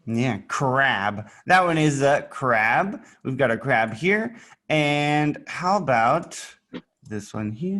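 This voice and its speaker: A man leads an English lesson for a young learner, speaking slowly and patiently so every word can be repeated back. His pitch bounces around a lot, and he plays up the pictures with silly sound effects. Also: lively intonation, fairly bright tone. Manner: playful, adds sound effects while showing pictures. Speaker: English teacher. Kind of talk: online English lesson for a child.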